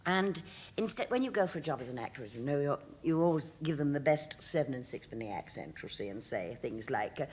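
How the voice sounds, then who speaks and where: A woman's voice: rumbling low, expressive, fairly quick, a little mellow, breathy edge. A woman in her sixties, a guest on a TV talk show, telling stories in a chatty way and laughing often. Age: 60s. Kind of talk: casual chat. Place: TV studio.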